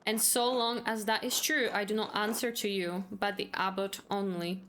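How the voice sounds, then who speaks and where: A woman's voice: medium pitch, flat delivery, normal speed, a bit bright, slight background noise, natural voice. A woman reading as a stern old monk. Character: stern older male monk guarding his scriptorium.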